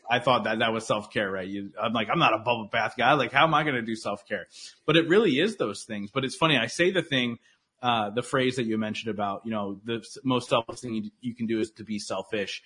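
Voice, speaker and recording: Man, podcast guest, husky tone, average pitch, earnest motivational chatter. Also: brisk, a bit bright. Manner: earnest, motivational, filler-heavy. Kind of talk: casual interview talk.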